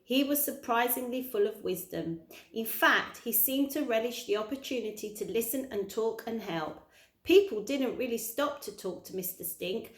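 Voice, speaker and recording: A woman who works with young children, reading a chapter book aloud expressively, in a roomy-sounding recording. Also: on the high side. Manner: expressive storytelling. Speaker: early years practitioner reading a story. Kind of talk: children's audiobook read-aloud. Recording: roomy echo.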